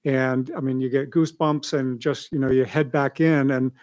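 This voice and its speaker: A man's voice: mid-range voice, steady tone, moderate pace, a little mellow. A man giving a rambling, conversational report at a school board meeting as a school administrator. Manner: rambling, conversational, many asides.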